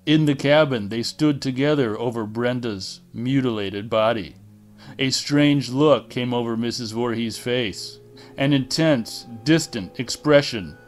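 A man reading a horror novel aloud in a deliberate, dramatic narration style. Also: medium pitch, soft background music. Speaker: audiobook reader.

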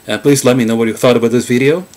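Man, Brazilian Carioca accent, native Portuguese speaker, casual video lesson, halting with fillers, mid-pitched voice. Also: fairly even intonation, a little mellow. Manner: halting, many fillers and restarts. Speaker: language teacher.

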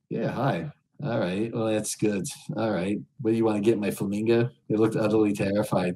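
A middle-aged man streaming crude pranks on strangers, bellowing loud high greetings and then muttering vulgar insults under his breath. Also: moderate pace, slight background noise, low-quality recording. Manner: vulgar and mocking. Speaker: streamer chatting with strangers on a video chat site.

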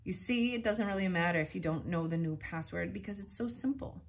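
A woman voicing a simple-minded male forest sentry with a thin, high voice who speaks soothingly and sounds pleased with himself. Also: brisk, natural voice.

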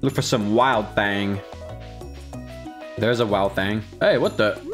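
A man's voice: fairly low pitch, slow pace, fairly bright tone, faint music behind. A man giving casual, playful commentary on his own gameplay, talking to himself and jumping into silly voices. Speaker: let's play gamer.

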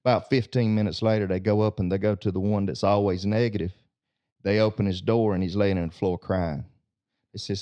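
A man's voice: on the low side, fairly even intonation, brisk, dark tone. A man, telling a homespun story with a moral as co-host of a discussion show. His delivery is folksy, and he repeats words as he builds to his point.

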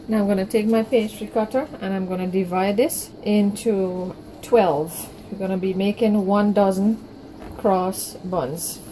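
A woman leads a home cooking lesson, explaining each step of the recipe with calm encouragement. Her voice is mellow and relaxed rather than bright. A faint background noise sits under her speech in a home kitchen. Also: mid-range voice, low-quality recording. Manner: warm step-by-step instructions with reassuring promises. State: out of breath from kneading. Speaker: home baking cook. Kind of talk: cooking tutorial narration.

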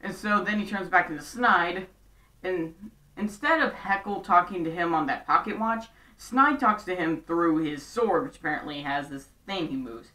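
A casual show-recap vlogger with a medium-pitched, bright, forceful voice talks at normal speed, chatty and tossing in sarcastic asides. The recording has a roomy echo and sounds distant from the mic.

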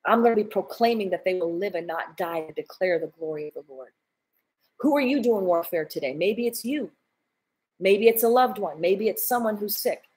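A woman's voice: mid-range voice, lively intonation, moderate pace, a little mellow, breathy edge, poor audio. A woman pastor and evangelist leading a fervent prayer, declaring and proclaiming in repeated phrases. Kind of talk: fervent sermon prayer to viewers. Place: church online broadcast.

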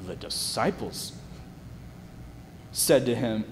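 A man teaching the Bible, reading verses aloud dramatically and dropping to quiet asides. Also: lowish voice, measured pace, pauses often. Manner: reads scripture aloud dramatically, acting out the speakers. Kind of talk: Bible study presentation. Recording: long reverb, faint background hum.

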